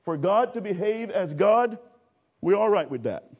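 Husky high-voiced preacher man. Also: unhurried. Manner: animated, acts out a lifeguard rescue with shouts; calls for audience response. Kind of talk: sermon.

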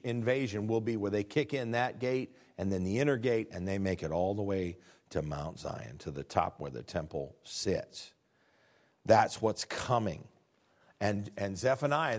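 A man with a Midwestern American accent delivers a sermon, reading scripture and unpacking it for the congregation. His voice sits at a middle pitch. He drops into quiet asides, then climbs to loud, high-pitched peaks. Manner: reads scripture aloud, then explains it. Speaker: pastor.

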